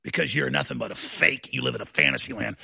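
A man hosting a talk show, delivering a combative political rant that builds into shouting. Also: medium pitch, fast, vocal fry, slight background noise.

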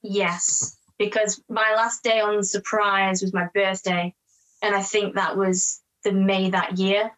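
An actress with an English accent chatting as a guest, talking quickly and laughing often. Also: female voice, mid-range voice, level tone, fairly bright tone, low-quality recording. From England. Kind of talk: casual interview chat.

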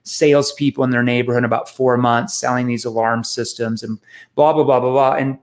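A man as an interview guest, telling lively, self-mocking sales stories with frequent restarts. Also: mid-range voice, fairly quick. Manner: animated, self-mocking anecdotes with many restarts. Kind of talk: storytelling in a casual interview.

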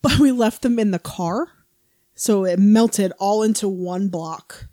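A woman's voice: mid-range voice, unhurried, dark tone, no echo, studio quality. Blunt, casual woman podcast co-host. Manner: blunt, swears, laughs often. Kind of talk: casual chat.

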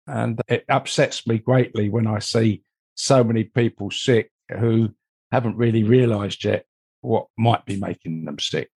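In a fairly low, gravelly, husky voice with a darkish tone, the older mold investigator speaks at a measured pace. As an interview guest, he rambles through a long personal story, often saying "you know."

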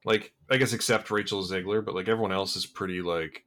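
A man's voice: sits low, steady tone, a little fast, few pauses, a bit bright. A man co-hosting a podcast, chatting casually about a film with lots of fillers and restarts. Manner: rambling, filler-heavy, amused. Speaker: podcast co-host. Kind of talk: casual movie review chat.

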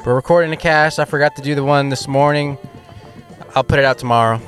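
A man's voice: medium pitch, steady tone, quick pace, fairly bright tone, soft background music. A man hosting a casual live podcast outdoors in a venue line, joking and chatting into a handheld mic. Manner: joking, chatty running commentary. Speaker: podcast host.

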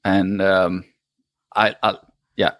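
A man in his thirties from Italy with an Italian accent, a guest in a casual interview, speaking in a halting way with many restarts. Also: low-pitched, flat delivery, fairly bright tone, no room sound.

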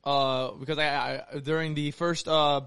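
A man's voice: on the high side, level tone, unhurried, creaky, fairly bright tone, clean tone, dry recording. A man co-hosting a casual podcast, telling profane stories with a lot of swearing and laughing at his own jokes. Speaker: podcast co-host. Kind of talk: crude casual chat.

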